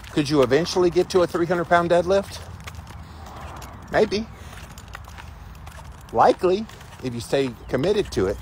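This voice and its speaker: A man's voice: medium pitch, slight background noise. Chatty man livestreaming outdoors. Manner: chatty, emphatic, greets viewers by name. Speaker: livestream host. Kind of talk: casual livestream chat. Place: outdoors near chickens. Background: chickens clucking.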